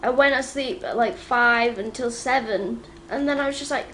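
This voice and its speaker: Tired, giggly high-voiced teen girl. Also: normal speed, a bit bright. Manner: rambling, giggly, many restarts. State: very tired after a night out. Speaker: vlogger. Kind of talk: casual chatty video diary. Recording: noisy home ambience.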